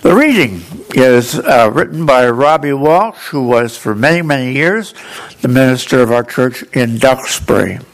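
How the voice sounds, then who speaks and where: A man with an audible speech defect reading aloud in church, telling a story in an earnest, gently humorous way. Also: mid-range voice, expressive, unhurried, rough recording. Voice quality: altered articulation from a speech defect. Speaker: lay reader in church.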